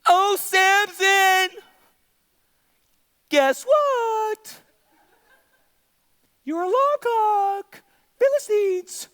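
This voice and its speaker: A man's voice: very high voice, animated, very slow, pauses often, fairly bright tone, big-room sound, pitched above the performer's own voice, full character voice. A man voicing Delilah as a scheming young woman who plays melodramatic, fake hurt. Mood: sing-song.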